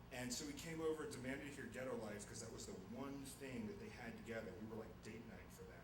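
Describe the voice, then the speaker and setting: A man's voice: fairly low pitch, roomy sound, distant mic, noisy background. A man telling a wry, self-mocking comic story to a live audience. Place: theater stage before a live audience.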